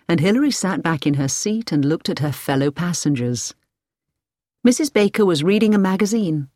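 A woman reading a story aloud as a narrator, clear and measured. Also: sits low, no room sound, clean studio sound. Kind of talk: scripted audiobook narration.

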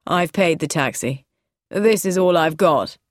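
A woman voicing a charming dark-haired man who speaks slowly, quietly and teasingly in a read-aloud story. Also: lowish voice, dry recording, studio quality, close to an everyday voice. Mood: calm.

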